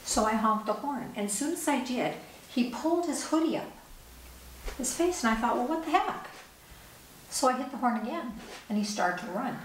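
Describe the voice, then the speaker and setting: A woman's voice: a little high, animated, moderate pace. An older woman, an author, giving a talk and telling a personal story, acting out the dialogue vividly. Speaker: author and speaker. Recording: echoey room, distant mic, faint hiss.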